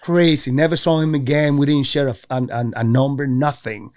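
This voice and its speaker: A man from Venezuela, a former baseball player, telling stories in a casual interview, animated and acting out the voices of others. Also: fairly quick. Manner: animated, acts out quoted voices with jumps in pitch. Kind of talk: casual storytelling.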